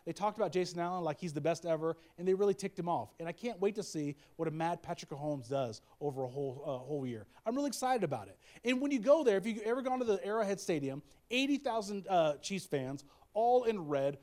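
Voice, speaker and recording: A man from the American Midwest preaching a sermon, conversational and humorous, with lots of restarts and bursts of excitement. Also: high-pitched. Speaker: pastor.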